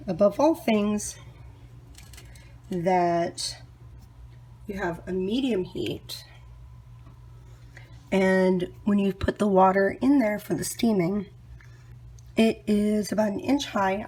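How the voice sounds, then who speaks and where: A woman's voice: medium pitch, a little mellow. A woman chatting casually as she cooks in her home kitchen, tossing in self-mocking asides. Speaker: home cook. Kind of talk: casual cooking vlog.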